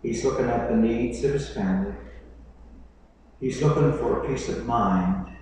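A man's voice: medium pitch, dark tone, slight background noise. Male pastor, sermon delivery, mid-range voice, distant mic in a reverberant hall. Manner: preaching with dramatic quoted voices, conversational asides.

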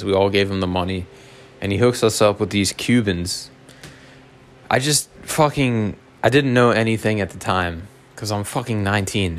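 A man with a lowish voice tells a story the way a podcast host does. He wanders off on tangents, swears freely and makes fun of himself. It sounds loose and unscripted. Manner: rambling, profane, self-mocking. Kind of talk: casual storytelling monologue.

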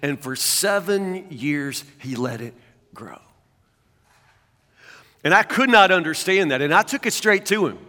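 A man's voice: fairly high pitch, lively intonation, a little slow, long pauses, sharp tone, big-room sound. A man preaching a sermon as a pastor, talking conversationally and often stammering into restarts.

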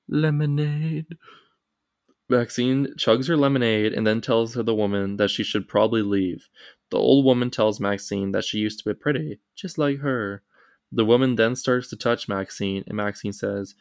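Low-voiced young man recapping a film. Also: moderate pace, no echo, clean studio sound. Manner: retells scenes in long narrating runs. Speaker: podcast host recapping the film. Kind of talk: casual podcast chat, plot recap.

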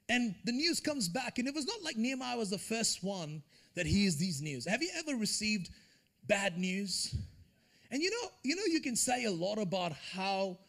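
A man preaching a sermon at a church service, conversational and animated, slipping into acted asides and building to emphatic peaks. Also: high-pitched, creaky. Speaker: pastor.

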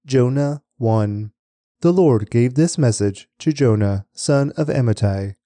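Male scripture reader, very dark and mellow tone, measured delivery, dry close mic. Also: mid-range voice, no room sound. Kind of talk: steady scripture reading.

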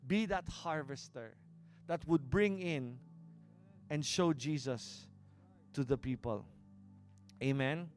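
A man's voice: a little high, slow, pauses often, faint music behind. A middle-aged man with a Filipino accent preaching a sermon, mixing English with Tagalog and stressing his points. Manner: switches between English and Tagalog, emphatic preaching. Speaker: pastor.

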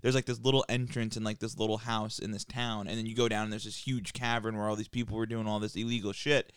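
A man's voice: lowish voice, little pitch movement, fast, clear, resonant tone, dry recording, studio quality. A man co-hosting a casual podcast who asks eager questions and goes off on nerdy tangents, using "like" constantly. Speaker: podcast co-host.

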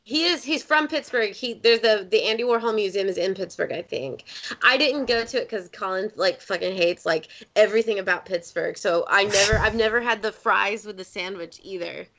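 A woman's voice: mid-range voice, animated, moderate pace, fairly bright tone, dull audio. A woman in casual podcast chat, talking in long rambling runs full of "like". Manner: rambling, heavy use of "like".

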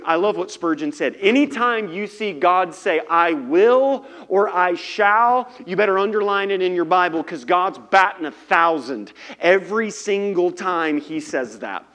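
A middle-aged man preaches with an animated, joking delivery and a fairly high voice. He acts out the characters in his story as he goes. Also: unhurried, few pauses. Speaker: pastor. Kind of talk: sermon.

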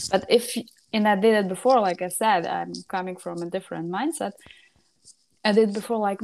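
A woman's voice: mid-range voice, fairly even intonation, moderate pace, creaky, a little mellow. A woman and mother co-hosting a casual podcast, speaking hesitantly with many fillers and non-native English phrasing. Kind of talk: casual conversation.

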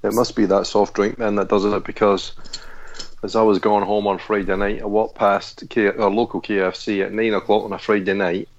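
Low-voiced man, lo-fi sound. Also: moderate pace. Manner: jokey, animated storyteller. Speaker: podcast co-host. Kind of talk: casual chat. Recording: dull lo-fi sound.

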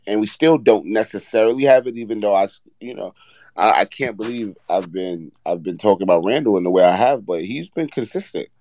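A man's voice: on the low side, fairly quick, a little mellow, no echo, poor audio. A man hosting a casual sports podcast, talking loosely with lots of restarts and swearing. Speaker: podcast host.

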